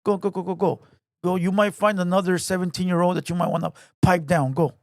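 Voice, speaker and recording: A man delivers a heated, taunting rant to camera from a home garage. His voice sits high, and he hammers the same lines over and over. The sound is dry and close, with little room around it. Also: steady tone, fairly quick, dry recording. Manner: taunting, repetitive, confrontational. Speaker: online commentator.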